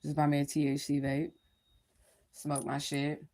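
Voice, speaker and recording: A woman with a slightly lower voice hosts a casual livestream. She rambles candidly, swears freely and keeps turning to her viewers to check they follow. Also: completely flat delivery, measured pace, warm tone. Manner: addresses viewers directly. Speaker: livestream host.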